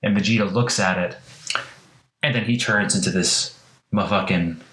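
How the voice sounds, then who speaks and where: A man's voice: low-pitched, normal speed, bright, forceful tone. A man in casual chat, recounting a story in a rambling, playful way full of filler words. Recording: echoey room.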